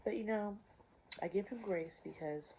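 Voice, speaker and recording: A woman chatting casually to the camera while eating, pausing between bites and asking viewers questions. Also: medium pitch, warm tone, slight background noise. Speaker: vlogger. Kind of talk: casual mukbang chat.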